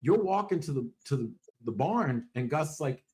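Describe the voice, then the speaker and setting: A man with a voice on the high side co-hosts a dog training podcast, chatting in an animated, casual way, swearing a lot and slipping into quick acted-out voices.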